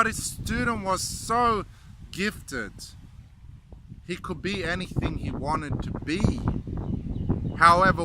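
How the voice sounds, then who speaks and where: An earnest male motivational speaker who tells a story and stresses his points emphatically. He speaks slowly with a fairly high voice. Wind and passing traffic are clear behind him.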